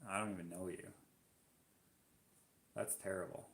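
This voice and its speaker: A Canadian man with a fairly low voice chats casually on a live stream, reading out viewer comments and reacting to them as he goes. His voice carries the echo of a roomy space. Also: a little slow, long pauses.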